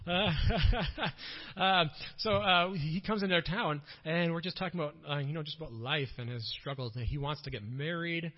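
A man's voice: fairly high pitch, a little fast, hardly any pauses, lo-fi sound. A man with a Minnesotan accent, a missionary speaker telling a story to an audience in a conversational way, with many fillers and self-corrections.

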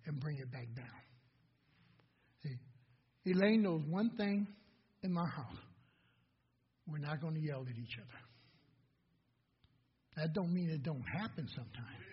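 A man preaching a sermon as a pastor, asking the congregation questions and swinging between hushed passages and loud, building lines. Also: on the high side, animated, measured pace, pauses often, husky. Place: church sanctuary. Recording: dull lo-fi recording in a reverberant hall.

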